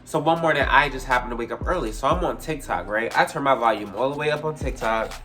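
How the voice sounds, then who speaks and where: A young man casually telling a story, profane and animated, jumping high in pitch when he acts out scenes. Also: quick pace, faint music behind. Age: young adult. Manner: animated, profane, retells with big pitch jumps.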